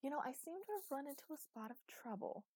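A woman's voice: animated, a little fast, dark tone, dry recording, natural voice. A woman voicing a flippant young male pilot, speaking in a raised, breezy tone. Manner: breezy, joking, higher pitched.

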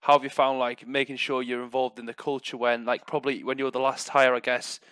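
Guy talking quick, throwing in questions, dry close mic. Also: medium pitch, level tone, fairly bright tone, smooth, dry recording. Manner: chatty, asks follow-up questions. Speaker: podcast host. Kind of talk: casual chat.

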